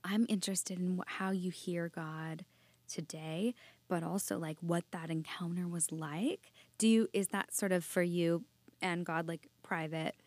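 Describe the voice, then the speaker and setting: A woman hosting a podcast interview, softly affirming her guest with small reactions. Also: on the low side, fairly even intonation, measured pace, dry recording. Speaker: podcast host.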